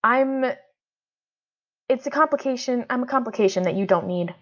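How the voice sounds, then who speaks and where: A woman voicing a calm, gentle alien girl who speaks in a measured way, read from a storybook. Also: on the high side, voice pushed up. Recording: dull lo-fi audio.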